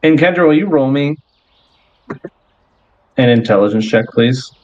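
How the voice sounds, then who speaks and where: A man narrating a tabletop role-playing game as game master, telling the scene in a relaxed way with fillers. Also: medium pitch, unhurried, highs cut off.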